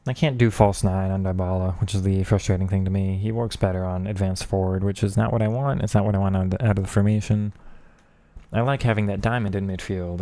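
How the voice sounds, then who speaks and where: A man with a low voice and dark tone streams a football video game, chatting casually with viewers while venting frustration at the match. The recording has no echo.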